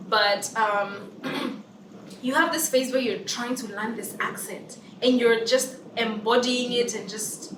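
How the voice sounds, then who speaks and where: On the high side and slow, a young woman with a Kenyan accent offers opinions in a casual vlog, emphatically repeating phrases to make her points land. Background noise is present, and the camera's built-in mic, with no external mic, leaves her sounding roomy and far off.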